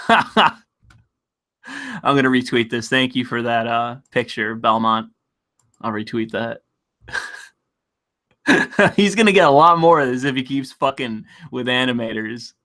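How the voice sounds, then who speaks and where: Bright-voiced man ranting on a livestream. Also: medium pitch, a little slow, pauses often. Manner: rambling, profane, laughs often. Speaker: livestream host. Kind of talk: casual live-stream chat.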